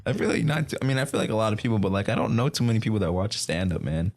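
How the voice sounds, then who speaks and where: A man with a fairly low voice chats easily as a podcast guest. He is agreeable and relaxed, and he keeps up a steady stream of fillers and quick back-and-forth replies. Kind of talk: casual chat.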